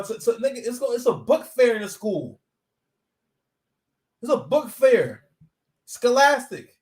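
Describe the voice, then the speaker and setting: A man's voice: very high-pitched, far from the mic. Rambling joking man, echoey room. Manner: rambling, joking, stop-and-start with repeated words. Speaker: battle rap commentator. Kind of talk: casual commentary. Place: at home with his son nearby.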